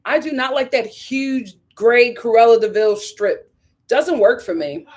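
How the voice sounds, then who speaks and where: A woman hosting a casual live stream, reading viewer comments aloud and reacting with opinionated chatter, laughs and sudden high squeals of surprise. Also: a little slow. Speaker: live stream host reviewing a reality show. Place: home in a hot city.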